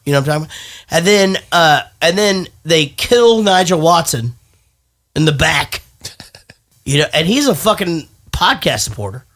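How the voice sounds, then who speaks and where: A man's voice: on the high side, animated, normal speed, fairly bright tone. A man hosting a movie podcast, talking casually, rambling and swearing freely. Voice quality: profane, rambling. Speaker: podcast host. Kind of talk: casual movie review chat.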